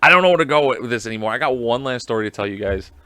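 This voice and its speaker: A man's voice: mid-range voice, animated, rapid-fire, bright, forceful tone, smooth, no echo. A man hosting a podcast alone, chatting casually in a rambling, profane, self-mocking way. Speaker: podcast host. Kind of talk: casual solo chat.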